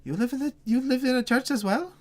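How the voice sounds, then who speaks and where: A man's voice: fairly high pitch, darkish tone, slight background noise, pitched above the performer's own voice, close to an everyday voice. A man doing a timid, teary young boy. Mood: eager. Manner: halting, stammering.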